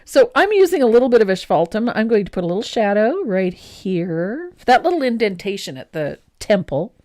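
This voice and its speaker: A woman's voice: mid-range voice, big pitch swings, a little fast, a little mellow. A woman hosting a painting show, chatting enthusiastically and then talking through a brush demonstration. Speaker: painting teacher and host. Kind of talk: casual chat and painting demonstration.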